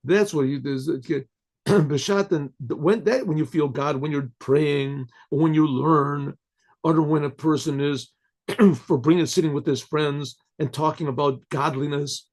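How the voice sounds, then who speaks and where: An older man, a rabbi, giving a Torah lecture in English mixed with Yiddish and Hebrew phrases, clearing his throat now and then. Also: a little high, measured pace, darkish tone. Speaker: rabbi teaching.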